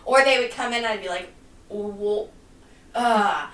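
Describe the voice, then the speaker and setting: A woman who teaches high school psychology co-hosting a podcast, animated and emotional, acting out scenes. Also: racing, roomy sound, far from the mic. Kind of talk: casual podcast chat.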